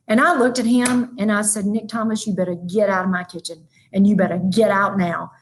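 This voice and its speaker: A woman giving a lively, emphatic motivational keynote, talking straight to her audience. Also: on the high side. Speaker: motivational speaker. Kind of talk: virtual keynote talk.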